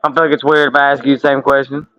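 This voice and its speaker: A man in his thirties hosts a casual livestream from a home room with a window air conditioner, swearing and laughing through loose banter. His mid-range voice comes out flat and rapid-fire, and the sound is lo-fi.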